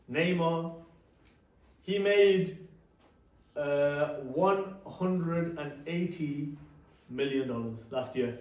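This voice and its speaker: A man's voice: high-pitched, a little mellow, recorded from a distance. A young man giving an interactive talk to a youth audience, often asking them questions. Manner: conversational, asks the audience questions. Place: hall or classroom with a live audience. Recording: echoey room, speaker off-mic.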